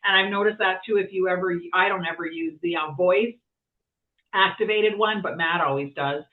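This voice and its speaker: A woman's voice: lowish voice, normal speed. A woman guest chatting casually, rambling with lots of fillers and restarts. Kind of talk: casual conversation. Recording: tinny phone-like sound from far off.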